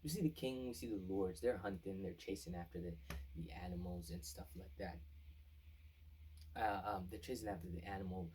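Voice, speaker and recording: A man with a low, brisk, slightly mellow voice casually recaps an anime plot like a reviewer, rambling through lots of fillers and restarts while acting out the characters' lines. He sounds far from the mic, with a bit of background noise on a low-quality recording.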